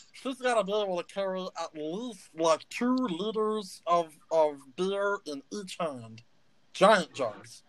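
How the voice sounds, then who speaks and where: A man's voice: high-pitched, wildly swooping pitch, slow, background noise, voice pushed up, full character voice. A man voicing a jittery, brash male gnome barfly who rambles and picks fights. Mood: manic.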